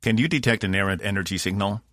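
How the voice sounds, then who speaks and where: A man's voice: on the low side, fast, fairly bright tone, no echo, clean studio sound, voice pushed up, lightly acted. A man voicing a tired, firm male crew leader in an audiobook. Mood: curt. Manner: curt, commanding. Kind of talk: audiobook narration.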